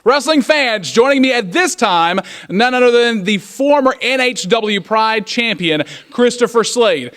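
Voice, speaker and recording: High-voiced man interviewing wrestlers. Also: lively intonation, a little slow, hardly any pauses, a bit bright. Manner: announcer-style, repeats "wrestling fans". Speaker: backstage interviewer.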